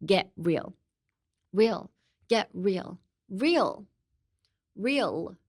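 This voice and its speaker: Very slow and expressive, her mid-range voice carries a breathy edge, recorded in studio quality without echo. She is a young language teacher and host from Los Angeles, USA, chatting through a casual podcast lesson that mixes English with Japanese and uses examples to explain.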